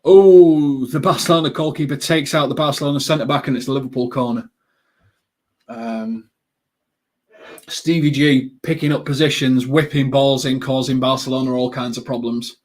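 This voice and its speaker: A man's voice: medium pitch, moderate pace. Chatty man hosting a football watchalong. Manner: chatty and rambling, with frequent ums; excited bursts at goalmouth action. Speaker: host of a live football watchalong stream. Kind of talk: casual live match chat with viewers.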